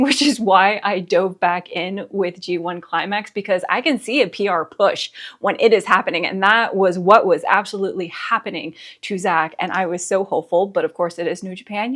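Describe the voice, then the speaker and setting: A woman hosting a wrestling reaction video, gasping and laughing as she reacts live, then recapping in casual chat. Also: mid-range voice. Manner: excitable, gasping, laughing often.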